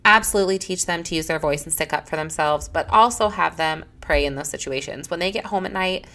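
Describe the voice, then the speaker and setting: An earnest woman in her thirties hosts a solo faith and parenting podcast. Her voice sits a little low for a woman. She speaks heartfelt and sincere, often slipping into the lines of her children and herself. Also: brisk, bright, forceful tone. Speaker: podcast host.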